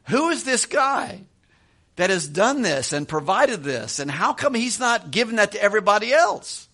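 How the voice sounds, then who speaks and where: Middle-aged man preaching a conversational sermon, slightly high voice, chuckles, restarts his phrases. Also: bright, forceful tone. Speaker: pastor.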